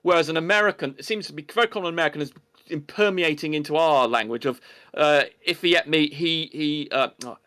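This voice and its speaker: Pedantic English man, slightly high voice. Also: fast talker, fairly bright tone. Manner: pedantic, indignant, rambling with restarts. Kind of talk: casual online debate chat.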